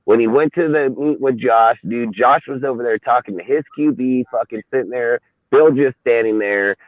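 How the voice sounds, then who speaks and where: A man's voice: medium pitch, moderate pace, no room sound. Profane man ranting on a tinny line. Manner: profane, heated, rambling. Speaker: co-host. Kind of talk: casual sports chat. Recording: dry tinny phone-like line.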